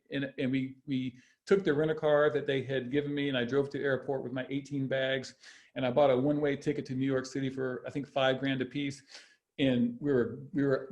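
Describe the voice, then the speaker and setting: A man's voice: mid-range voice, steady tone, a little fast, darkish tone. A man in his fifties, a former basketball player, telling stories on a podcast in a rambling way, with many restarts and laughs. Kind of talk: casual storytelling interview.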